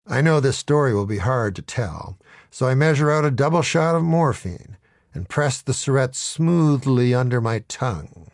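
A man narrating a comic tale in a dry, deadpan storytelling manner. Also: mid-range voice, moderate pace, dry recording. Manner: dry, deadpan delivery with lively swings. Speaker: audiobook narrator.

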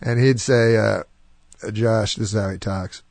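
A man's voice: lowish voice, steady tone, a little slow, creaky, a little mellow, no room sound. A man and comedian guest telling rambling anecdotes in casual chat, chuckling and slipping into voices. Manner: rambling anecdotes full of impressions and laughter. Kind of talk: casual storytelling.

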